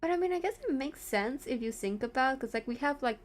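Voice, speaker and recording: A woman streaming a game, chatting casually, thinking out loud with lots of fillers and the odd swear. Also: sits high, expressive, brisk, faint music behind.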